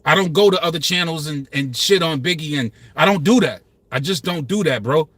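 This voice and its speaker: A man's voice: fairly high pitch, brisk, fairly bright tone, no room sound. A man in his fifties hosting a hip-hop commentary channel, talking passionately and emphatically in street slang. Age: 50s. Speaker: channel host.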